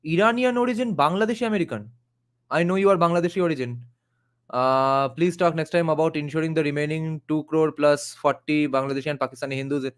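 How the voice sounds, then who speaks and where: A man's voice: a little high, fairly even intonation, quick pace, clean tone. A man who hosts a live reaction video, talking in a conversational way and reading viewer comments aloud.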